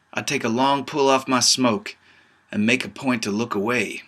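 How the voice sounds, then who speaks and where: Guy reading his own book, folksy drawl, bright clear voice, tough-guy storyteller vibe. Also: mid-range voice, normal speed. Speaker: author reading his novel. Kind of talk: first-person audiobook narration.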